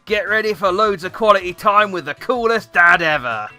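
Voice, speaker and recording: A man voicing a loud, boastful middle-aged dad with a hearty, theatrical manner. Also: expressive, normal speed, faint music behind, heavily acted. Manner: booming, hearty, theatrical laugh.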